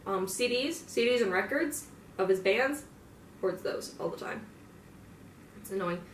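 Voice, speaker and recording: A woman's voice: medium pitch, lively intonation, measured pace, slight background noise. A young woman in a casual, profane in-character monologue, rambling with lots of filler words. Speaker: fan roleplayer. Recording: roomy, distant mic, faint ambience.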